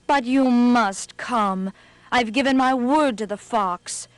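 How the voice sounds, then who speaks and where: A woman's voice: on the high side, slow pace, dry recording. A woman voicing a gullible, hungry male tiger in a storybook game, pleading and earnest.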